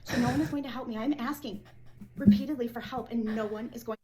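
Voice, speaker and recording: A woman's voice: a little high, quick pace, darkish tone, slightly rough, rough recording. A woman venting in an agitated monologue, retelling a workplace clash and acting out every line of dialogue. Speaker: former assistant assessor. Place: indoors, filmed herself.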